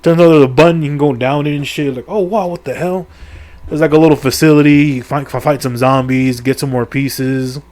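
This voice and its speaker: A man's voice: mid-range voice, fairly even intonation, brisk, few pauses, darkish tone. Man, middle-aged, casual game recap, profane, crude jokes, rambling, filler-heavy. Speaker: video creator.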